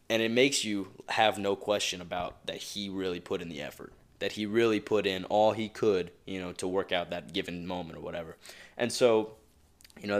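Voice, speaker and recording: A young man hosting a motivational podcast alone, talking casually and rambling with many asides and chuckles. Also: deep voice. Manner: rambling and conversational, with frequent asides; chuckles often. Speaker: podcast host.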